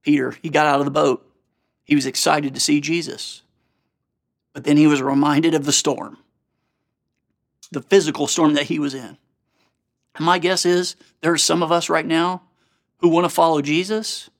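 A man's voice: on the high side, flat delivery, normal speed, pauses often. A man preaching a sermon, earnest and conversational, with frequent rhetorical questions to his listeners. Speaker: pastor.

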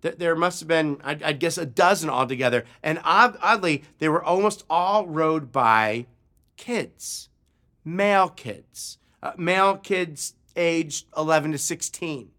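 A man's voice: a little high, measured pace, few pauses. A man preaching a sermon as pastor, telling a story and acting out the people in it. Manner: animated, acts out shouts in his story. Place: church.

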